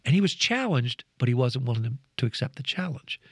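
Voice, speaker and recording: A man's voice: mid-range voice, brisk, breathy edge, dry recording, studio quality. A man sharing a reflection as a program co-host, telling a personal story in an earnest, preacherly way and acting out the voices of the people in it. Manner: lively storyteller who acts out quoted voices.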